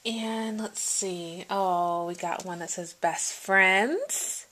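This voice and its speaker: A woman vlogger chatting casually through an unboxing, gushing, her voice jumping high when something delights her. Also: steady tone, very slow, bright, forceful tone. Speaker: vlogger showing a gift package.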